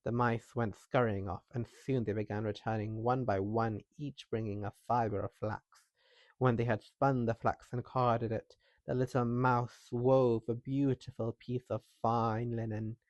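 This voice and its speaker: A man reading a folktale aloud in calm scripted narration, with a soft and calming manner. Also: mid-range voice, measured pace, no echo, dull audio. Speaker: storyteller.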